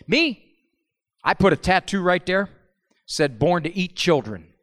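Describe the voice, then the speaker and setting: A man's voice: high-pitched, a little slow. A middle-aged man giving a humorous live talk, telling stories and acting out family members' voices. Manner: animated storyteller, acts out family voices. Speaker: speaker at a parenting talk. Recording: long hall reverb.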